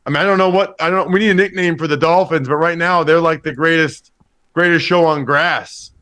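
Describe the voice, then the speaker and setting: A former football player and analyst on a radio show, talking in a lively, teasing, joking way. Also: male voice, fairly high pitch. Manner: lively, teasing, quick to joke. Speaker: football podcast host and analyst, guest. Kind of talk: casual radio interview banter.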